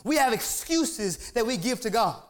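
Male preacher, high voice, excitable sermon, calls for amens, repeats words when fired up. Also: moderate pace. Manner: excitable, emphatic, asks the crowd for amens.

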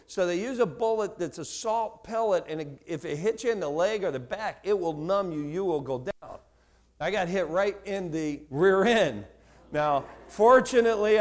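A man in his sixties from the Newark, New Jersey area gives his sermon testimony, acting out dialogue with animated, self-mocking humor. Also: sits high. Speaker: preacher giving his testimony.

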